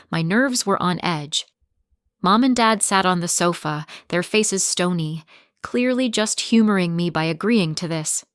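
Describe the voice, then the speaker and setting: A woman reads a first-person story with steady, dramatic pacing. Her voice sits on the low side, and the sound is close and dry with no room around it. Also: clear, resonant tone, no room sound.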